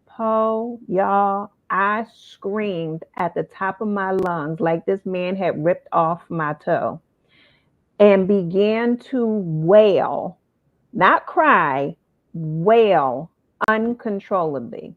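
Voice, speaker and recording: A woman's voice: mid-range voice, extremely slow. Philly woman host telling a story, acts out every voice, sounds like a phone line. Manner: animated, acts out quoted voices. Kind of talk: storytelling in a casual interview.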